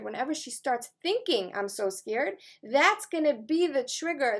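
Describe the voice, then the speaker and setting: Woman, high voice, teacher and life coach, Torah lesson, earnest, conversational. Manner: earnest, conversational, with casual fillers.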